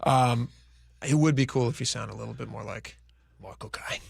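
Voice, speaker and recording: A man's voice: mid-range voice, normal speed, creaky, husky, no room sound, clean studio sound. A man co-hosting a radio talk show, chatting casually about sports and asking his co-host questions. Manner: conversational, asks co-host questions.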